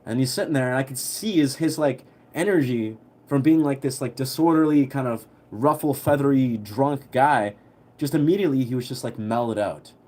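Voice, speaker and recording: A young man telling a story on a livestream in a relaxed, rambling way, full of fillers. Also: mid-range voice, normal speed. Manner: rambling, heavy on fillers, laid-back.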